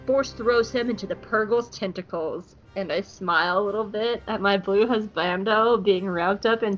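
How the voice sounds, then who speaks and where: A woman host recapping a show with lively, swooping pitch and plenty of swearing and jokes. The audio is a bit dull and lo-fi, with faint music underneath. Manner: animated, profane, joking. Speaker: podcast co-host. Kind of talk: episode recap podcast.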